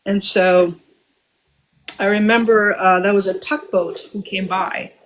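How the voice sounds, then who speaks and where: A woman in her forties from Albania, telling a personal story as a guest, reflective and often pausing with ums and restarts. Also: mid-range voice, steady tone, a little hiss or hum, rough recording.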